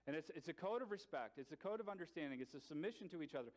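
A male pastor preaching a sermon in a conversational way, with light humor and pauses. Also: on the high side, expressive.

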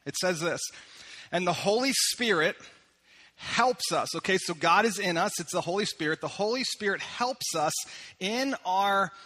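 A male pastor preaching from the front of a church sanctuary. His voice sits high and sounds bright and forward. He talks to the congregation in a relaxed, conversational way and slows down deliberately when he reads scripture. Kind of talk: sermon.

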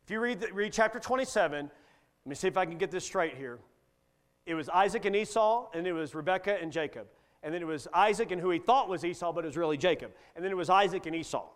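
A man's voice: high-pitched, fast talker, a bit bright. A middle-aged male guest preacher delivering a sermon in a folksy, joking manner.

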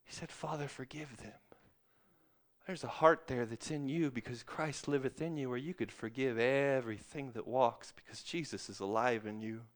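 A middle-aged man preaching a sermon, calling out to the congregation and swinging from loud, excited stretches to soft, hushed ones. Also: mid-range voice, moderate pace, few pauses. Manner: calls out to the congregation.

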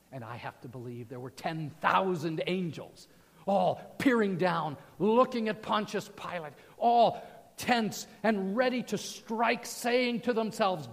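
A male pastor preaching a sermon, moving from loud proclamation to soft, hushed passages. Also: sits high, lively intonation, a little slow. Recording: long hall reverb.

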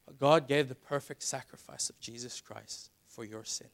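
A middle-aged man preaching a sermon as pastor, building to loud emphatic passages. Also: mid-range voice, moderate pace, few pauses.

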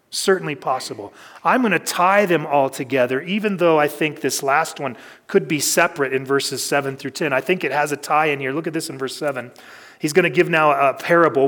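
A man preaching a sermon in a relaxed, conversational teaching style, working through a scripture passage. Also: a little high. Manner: conversational teaching, reads scripture aloud, varied pacing. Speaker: pastor. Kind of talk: expository sermon.

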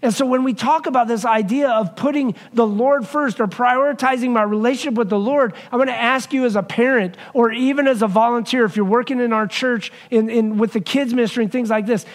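A middle-aged man gives a sermon in a church sanctuary, talking in a relaxed, conversational way. His voice sits high for a man. He drops his pace and leans on the words when he reaches the points he wants remembered. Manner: conversational, slows down to stress key lines. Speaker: pastor.

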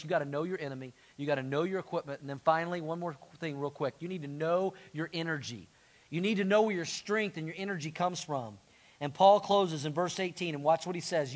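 A middle-aged man preaching a sermon as pastor, animated and asking the congregation to answer back. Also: on the high side. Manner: animated, call-and-response with congregation.

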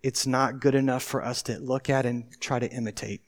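A man preaching a sermon as pastor, emphatic and full of rhetorical questions, swinging from loud declarations to hushed asides. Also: medium pitch, fairly even intonation, fairly quick. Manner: talks to the congregation with rhetorical questions.

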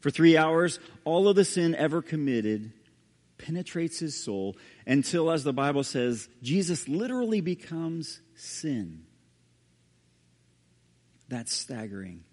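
A male pastor preaching a sermon and reading scripture aloud, dramatic, with sudden hushed low drops on key words. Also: big pitch swings, slow. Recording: long hall reverb.

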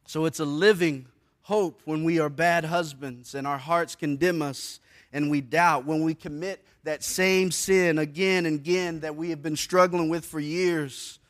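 A man preaching a sermon to a church congregation in a conversational way, using casual slang and swinging between soft and loud passages. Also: on the high side, fairly even intonation, unhurried. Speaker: pastor. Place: church service before a congregation.

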